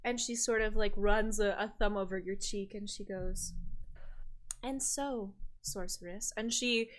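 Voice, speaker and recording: A woman's voice: mid-range voice, level tone, moderate pace, low-quality recording. A woman narrating a tabletop game as game master, describing scenes in a loose, filler-heavy way.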